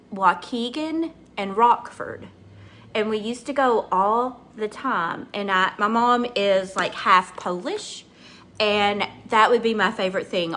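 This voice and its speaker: A woman's voice: mid-range voice, a bit bright. A middle-aged woman, chatting and rambling through a casual makeup tutorial and talking to her viewers by name. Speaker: makeup vlogger.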